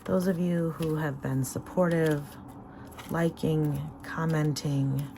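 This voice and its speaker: Woman vlogger, casual and emotional, creaky low voice, noisy home recording. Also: slow pace. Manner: excited, emotional, counting money aloud. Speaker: savings vlogger. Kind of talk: casual cash-stuffing vlog.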